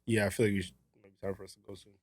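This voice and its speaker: A man co-hosting a casual podcast chat, calm and low-key. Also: rapid-fire, no echo. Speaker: podcast co-host.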